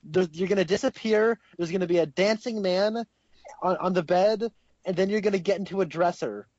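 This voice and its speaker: Excitable young man, raspy dry lo-fi sound. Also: sits high, fairly quick, no echo. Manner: rambling, excitable, laughs often. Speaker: podcast co-host. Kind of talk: casual chat.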